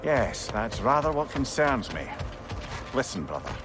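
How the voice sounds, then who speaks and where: An actor playing a wry, talkative old counselor, speaking in a dry, wordy way. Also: male voice, medium pitch, big pitch swings, a little slow. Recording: game audio with music behind.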